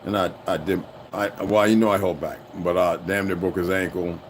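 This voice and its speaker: A man's voice: sits low, steady tone, normal speed, a little hiss or hum. A man hosting a livestream, ranting bluntly and with heavy profanity to his viewers. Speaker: livestream host. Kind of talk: unscripted livestream rant.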